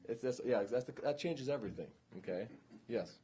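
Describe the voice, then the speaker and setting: A man's voice: medium pitch, animated, normal speed, dark tone, slight background noise. A man teaching a police training class, speaking informally and often checking in with the room.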